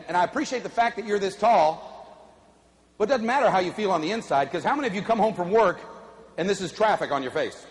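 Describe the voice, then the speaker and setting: Middle-aged man, keynote motivational speaker, lively bouncing delivery, faint hall ambience behind. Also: brisk, long pauses, a little hiss or hum. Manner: high-energy, animated, audience call-and-response. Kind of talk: keynote speech to a live audience. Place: large conference hall.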